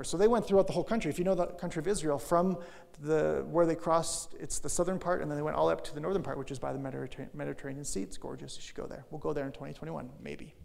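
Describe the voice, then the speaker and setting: A middle-aged male pastor giving an energetic, conversational sermon that swings from loud to soft. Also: on the high side, fast, creaky, few pauses.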